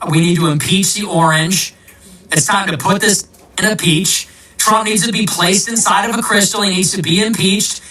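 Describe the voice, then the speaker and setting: Sharp-toned man on a sarcastic political rant, combative, a bit far from the mic. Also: high voice, steady tone, normal speed. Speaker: political commentator. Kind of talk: ranting monologue.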